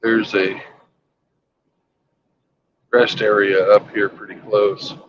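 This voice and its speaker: A man's voice: fairly low pitch, level tone, slow pace, highs cut off, slight background noise. A man on a road trip telling a crude joke in a loose, rambling, casual way. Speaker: vlogger. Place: travelling by road.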